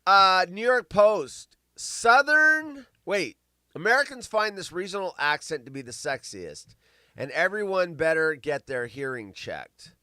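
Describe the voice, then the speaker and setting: A middle-aged man hosting a live show, rambling and swearing, with big swings between loud bursts and mumbling. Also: on the high side, big pitch swings, a little slow, no room sound. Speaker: podcast host. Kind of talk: casual live-stream chat.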